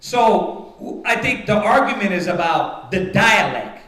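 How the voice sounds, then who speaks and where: A man's voice: high-pitched, expressive, measured pace, pushed and bright. A man leading a Bible study for a congregation, teaching point by point and often checking in with his listeners by asking "right?". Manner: rhetorical, repeatedly checks with "right?". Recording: roomy echoing room.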